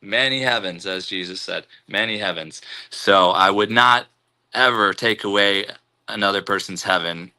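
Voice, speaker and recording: A man's voice: lowish voice, normal speed, pushed and bright, clean tone. A man hosting a casual live stream, greeting viewers and rambling loosely through spiritual musings.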